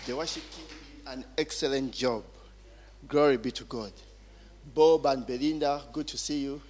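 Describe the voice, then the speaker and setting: A man preaching a sermon as pastor, speaking slowly and deliberately, often repeating phrases and interjecting praise. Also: medium pitch, darkish tone. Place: church hall. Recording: long hall reverb.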